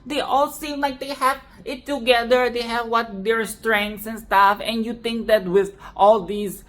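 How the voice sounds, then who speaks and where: Woman vlogger venting about a movie, super slow and drawn out, lots of cussing and repeating herself. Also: fairly high pitch. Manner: animated, swears and laughs often, repeats phrases for emphasis. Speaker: film review vlogger. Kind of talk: casual film commentary.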